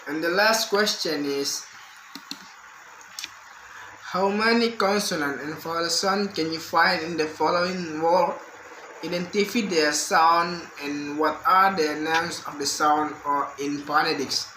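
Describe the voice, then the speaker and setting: A young man reads a prepared exam answer at a very slow, careful pace, often repeating words. His voice is fairly high and bright. The room is echoey, with a faint hum behind him. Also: fairly even intonation. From Indonesia. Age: young adult. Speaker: university student.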